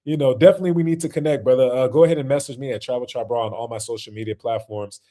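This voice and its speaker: A man's voice: medium pitch, rapid-fire, dark tone. A man hosting a casual reaction stream, talking loosely with lots of slang and fillers and laughing often.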